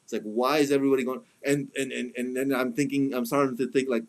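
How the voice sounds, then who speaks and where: This film reviewer talks fast in a mid-range, level voice. His casual spoken review is chatty and full of fillers and restarts, with mocking impressions when he quotes other people.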